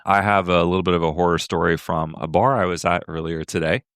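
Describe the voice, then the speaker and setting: A man's voice: low-pitched, fairly even intonation, fast talker, a bit bright, clean tone, no room sound. A man in his thirties from the United States co-hosting a podcast in casual chat, with a dry, teasing wit. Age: 30s. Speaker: podcast co-host.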